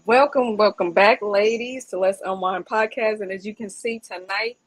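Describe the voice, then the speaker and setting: A woman's voice: medium pitch, steady tone, moderate pace, dry recording, low-quality recording. A woman co-hosting a podcast, outspoken and asking rhetorical questions. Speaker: podcast co-host. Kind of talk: casual podcast chat.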